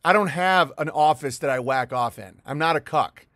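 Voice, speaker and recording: Middle-aged male stream host, fairly high voice, dry close sound, heated profane rambling. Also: moderate pace, sharp tone, no room sound. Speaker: livestream host. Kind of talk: rambling livestream monologue reading viewer chats.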